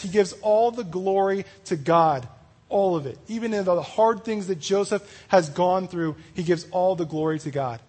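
A man giving a casual youth sermon, chatty and full of "like" and "you know", acting out the story's speakers in quick asides. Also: sits high, a little mellow. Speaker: youth pastor.

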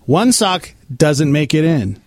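A man hosting a morning radio show, playful and animated as he reads segments and banters. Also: fairly high pitch, slow, no echo, clean studio sound.

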